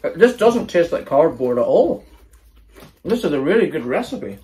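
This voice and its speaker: A chatty man tastes snacks and reads the packets aloud. His voice sits a little high and swings up and down with lively, animated pitch. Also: moderate pace. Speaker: co-host tasting snacks. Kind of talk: casual chat.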